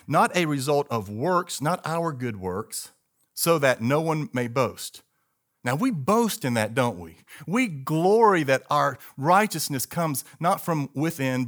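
A man's voice: on the high side, fairly bright tone. A middle-aged male pastor preaching a sermon emphatically, calling on the congregation to repeat words with him.

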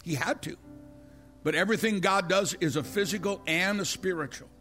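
High-voiced impassioned older preacher man. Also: moderate pace, pushed and bright, faint music behind. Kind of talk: sermon.

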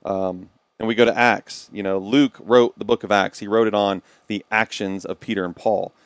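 A man's voice: on the low side, fairly even intonation, normal speed, smooth, no echo. A man co-hosting a podcast, speaking in casual, earnest chat and acting out the people in his stories. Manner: earnest storyteller acting out quoted dialogue. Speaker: podcast co-host.

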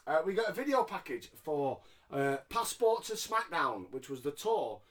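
Very animated and a little high in pitch, this podcast co-host talks at normal speed through a casual wrestling recap, joking, swearing and staying sarcastic.

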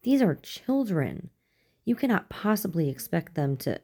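A woman's voice: deep voice, animated, normal speed, mellow. A woman voicing a distraught, protective mother who keeps interrupting sharply. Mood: worked up.

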